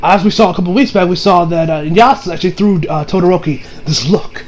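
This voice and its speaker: Male anime reviewer, fairly high voice, loose rambling delivery, laughs a lot. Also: fast, low-quality recording. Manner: rambling, laughs often, many fillers. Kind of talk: casual spoken review.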